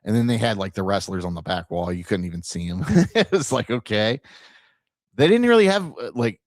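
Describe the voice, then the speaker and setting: A man from Ohio hosting a podcast, telling stories in a loose, animated way and acting out the dialogue, with casual swearing. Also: lowish voice, fairly quick, no echo, studio quality. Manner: animated storyteller who acts out dialogue and swears freely. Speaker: podcast host.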